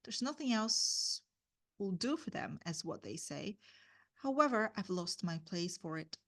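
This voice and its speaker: A woman's voice: medium pitch, expressive, unhurried, a bit bright. A woman reading the lines of a blunt, plain-spoken nurse from a novel in a plain reading voice. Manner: read plainly, without the character's dialect.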